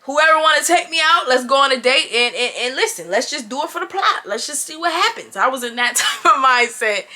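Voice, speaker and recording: A woman in her twenties telling a storytime to the camera in animated, chatty, slangy style, recorded indoors on a camera mic. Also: high-pitched, brisk, few pauses. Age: 20s. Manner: animated, chatty, talks straight to viewers with slang. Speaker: vlogger. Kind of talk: casual storytime chat.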